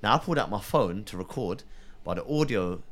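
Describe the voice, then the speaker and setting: A young man tells a story at a quick clip. His pitch swings widely as he acts out the people he describes, in a loose, casual chat. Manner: animated, acts out voices in quotes. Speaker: cab driver telling a story.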